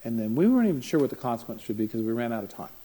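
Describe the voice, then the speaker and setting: A man with a mellow, warm voice teaching parents. He tells a long story in a chatty way and acts out the voices of the people in it. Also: mid-range voice, very animated, rapid-fire, husky, low-quality recording. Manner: anecdotal, acts out voices while telling stories. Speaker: parenting seminar speaker. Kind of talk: conversational teaching talk.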